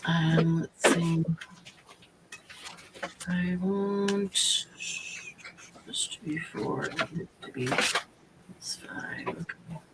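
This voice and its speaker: A woman's voice: fairly low pitch, fairly even intonation, drawn-out words, long pauses. Chatty woman crafting on a noisy stream. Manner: chatty, thinking aloud while working. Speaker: crafting host. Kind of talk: casual chat while crafting live. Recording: loud background noise.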